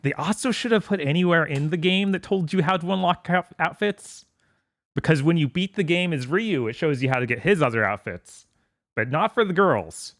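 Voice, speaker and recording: A man's voice: on the high side, expressive, normal speed, a bit bright, no echo. A man co-hosting a gaming podcast, talking casually with many fillers and restarts. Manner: hesitant, filler-heavy. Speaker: podcast co-host. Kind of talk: casual chat.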